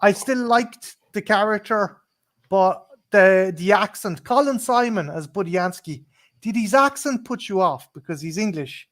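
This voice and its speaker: High-voiced man in film chat. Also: lively intonation, unhurried, fairly bright tone. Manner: curious, questioning, profane.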